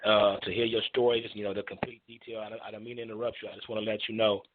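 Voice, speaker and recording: A man's voice: lowish voice, level tone, very fast. A man hosting a call-in show, talking with stumbling, repeated restarts. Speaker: talk show host. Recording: tinny phone line with faint noise.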